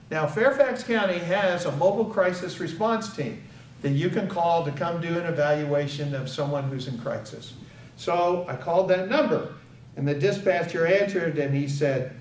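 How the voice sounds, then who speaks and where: Man telling a personal story at an event, raised pitch, recorded from a distance in an echoey hall. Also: moderate pace, a little hiss or hum. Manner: storytelling with acted dialogue. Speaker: guest speaker and author. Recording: echoey hall, far from the mic.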